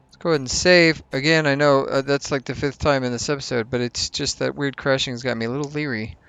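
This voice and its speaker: A man's voice: medium pitch, fairly even intonation, a little fast, a bit bright, smooth, no room sound. A man hosting a let's play, giving casual commentary over his gameplay. He is chatty, thinks aloud and makes self-mocking asides.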